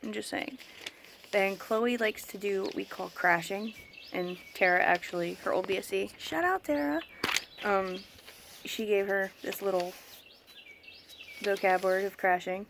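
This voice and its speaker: A young woman ranting in a casual vlog, emphatic and fed up, with a gravelly fry creeping into her mid-pitched voice. Faint outdoor ambience and a few birds sit behind her. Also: a little slow, long pauses, a bit bright, slight background noise. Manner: exasperated, emphatic, mimics other people. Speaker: vlogger, autism parent.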